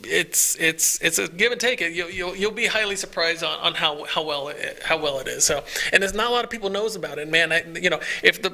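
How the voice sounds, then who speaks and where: A man with a gravelly, sharp-edged voice chats on a podcast, pitched a little high. He rambles with enthusiasm and restarts his sentences again and again. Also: fairly quick, hardly any pauses. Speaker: podcast co-host. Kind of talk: casual chat.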